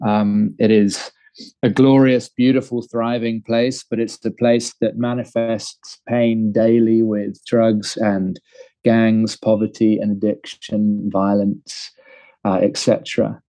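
A man's voice: on the low side, level tone, takes it slowly, warm tone, no room sound, rough recording. A man in his thirties with an English accent, telling a long personal story in an interview, with many fillers and restarts. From England. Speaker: guest. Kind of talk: conversational storytelling.

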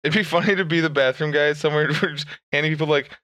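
A man's voice: fairly high pitch, fairly even intonation, very fast, sharp tone, dry recording. A man hosting a comedy podcast, rambling through jokes and laughing at his own bits in casual banter. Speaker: podcast host.

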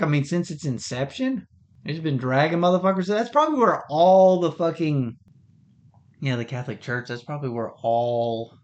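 A man hosting a podcast, ranting heatedly in a rambling, profane monologue. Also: on the high side. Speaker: podcast host. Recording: dull lo-fi recording.

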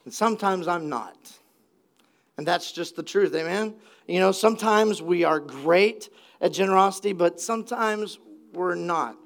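A male pastor preaching a sermon in a church, energetic and conversational, calling out for the congregation to respond. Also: high-pitched, a little slow. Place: church sanctuary.

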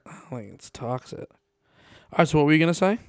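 A man's voice: on the high side, lively intonation, quick pace, clean tone, dry recording. A young man co-hosting a podcast in casual chat, joking and teasing, swearing freely. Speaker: podcast co-host.

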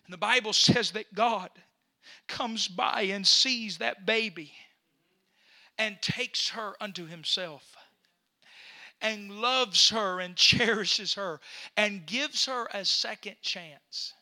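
A pastor preaching with fervor, his voice climbing to shouts and his words repeating as he builds. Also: sits high, slow. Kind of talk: impassioned preaching.

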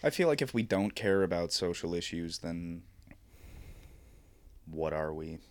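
A man's voice: deep voice, expressive, measured pace. A young man hosting a casual podcast chat, joking and swearing among friends. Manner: joking, swearing, laughs loudly.

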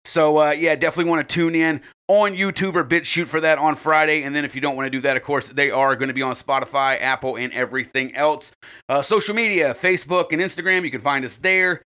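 A man's voice: on the high side, fast talker, bright, forceful tone, smooth. A man co-hosting a casual podcast, rambling with lots of fillers and swearing. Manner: rambling, profane, many fillers. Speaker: podcast co-host.

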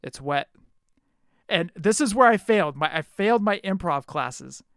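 A man's voice: high voice, animated, normal speed, fairly bright tone, clean tone, no room sound, studio quality. A young man hosting a casual podcast, telling stories in an easygoing, enthusiastic way. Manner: enthusiastic, laid-back storyteller. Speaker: podcast host. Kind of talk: casual chat.

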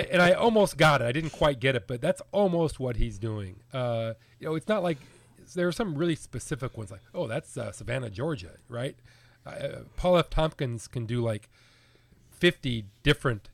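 A man of middle pitch, co-hosting a podcast in casual chat. He is chatty and animated, laughs easily, and his voice sounds dry and close, with no room echo. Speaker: podcast co-host.

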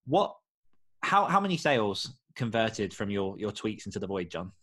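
Lower-pitched British podcast host. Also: male voice, very animated, normal speed, a bit bright. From United Kingdom. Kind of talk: podcast chat.

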